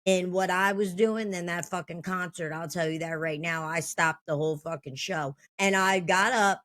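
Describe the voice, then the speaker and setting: A woman's voice: lowish voice, steady tone, normal speed, a bit bright. A woman in her thirties telling a story from her own life in a blunt, heated, profane way. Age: 30s.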